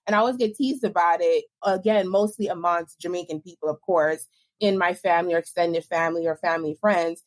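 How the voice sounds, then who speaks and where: A woman born in the United States, a podcast guest recounting her experience in a relaxed, conversational way. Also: on the low side, fairly quick. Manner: relaxed storytelling with many fillers. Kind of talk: casual podcast interview.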